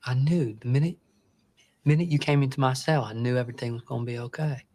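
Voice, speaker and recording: An actor playing a timid, stammering young man in a film scene, speaking hushed. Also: mid-range voice, quick pace, lightly acted. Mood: meek, grateful. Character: timid young male defendant, stammering, grateful. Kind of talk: film dialogue.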